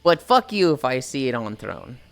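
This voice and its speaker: A woman's voice: rumbling low, sing-song, normal speed, faint music behind. A woman streaming from home, chatting casually with her viewers, profane and joking, groaning now and then as she stretches. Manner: profane, joking, reads chat aloud. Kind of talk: casual live-stream chat. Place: at home, indoors.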